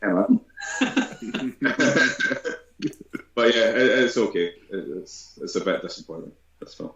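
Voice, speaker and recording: A man's voice: fairly low pitch, expressive, unhurried, slight background noise. A man giving a blunt, rambling film review on a casual podcast, full of swearing and restarts. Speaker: podcast co-host. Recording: roomy, dull lo-fi sound.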